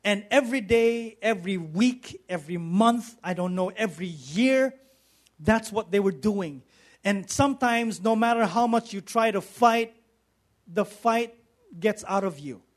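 A man's voice: high-pitched, measured pace. A man preaching a sermon, telling a story in a conversational way and often asking the audience questions.

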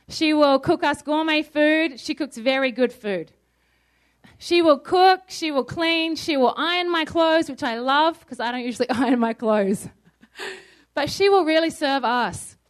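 A high-pitched woman from Australia delivers a sermon in an easy, conversational way. She keeps asking her listeners questions and answers them herself. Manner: conversational, asks the crowd questions. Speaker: preacher.

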